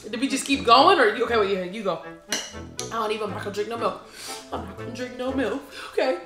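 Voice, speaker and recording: A woman's voice: fairly high pitch, fast. Playful young woman in an echoey room. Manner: playful, hyping and teasing. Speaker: vlogger. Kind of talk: casual chat. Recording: echoey room with music behind.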